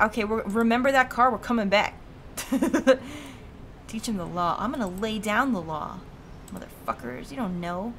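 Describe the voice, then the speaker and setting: A woman's voice: a little high, a bit bright, a little hiss or hum. A woman streaming a game, chatting casually and reading the characters' lines aloud, swearing freely and laughing often. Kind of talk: casual let's-play commentary, voicing game dialogue.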